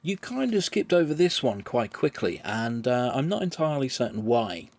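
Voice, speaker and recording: A man explaining his answers in a measured, patient monologue, often restarting his phrases. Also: medium pitch, very animated, darkish tone. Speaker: vlogger answering questions.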